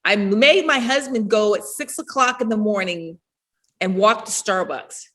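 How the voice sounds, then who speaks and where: A middle-aged woman, a podcast guest, telling stories in casual chat, animated and laughing often as she acts out what people said. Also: mid-range voice, a little slow.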